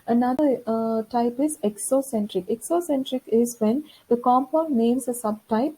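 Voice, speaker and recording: A woman's voice: fairly high pitch, moderate pace, mellow, slightly rough, low-quality recording. A woman lecturer explaining course material in a recorded lesson, talking it through with frequent fillers and restarts.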